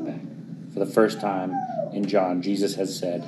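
A man preaching a sermon, earnest, often dropping to a hushed voice for dramatic moments and then pushing louder for emphasis. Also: deep voice, level tone, unhurried, background noise. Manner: earnest, swings between quiet dramatic drops and louder emphatic pushes.

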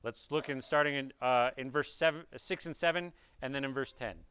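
At a normal speed and with a smooth, fairly bright, medium-pitched voice, a man gives an earnest expository sermon, talking straight to his listeners and using rhetorical questions to drive his message home.

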